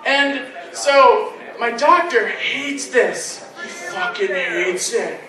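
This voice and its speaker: A man's voice: very high-pitched, animated, very slow, a crowd in the background. A man doing a crude, self-deprecating amateur stand-up set at a convention. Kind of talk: live stand-up comedy. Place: convention stage. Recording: echoey room from far off.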